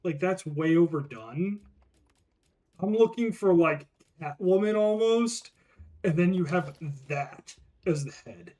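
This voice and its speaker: A gaming streamer talks through gear choices at a slow, unhurried pace. Half-muttered and trailing off, as if thinking aloud mid-stream. Middle pitch, relaxed chatter. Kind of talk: casual gaming stream commentary.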